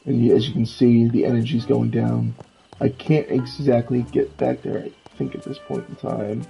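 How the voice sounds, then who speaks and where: A man streaming a video game live, narrating his moves in a relaxed way and chatting to viewers. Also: medium pitch, normal speed, vocal fry, faint music behind, low-quality recording. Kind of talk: casual live game commentary.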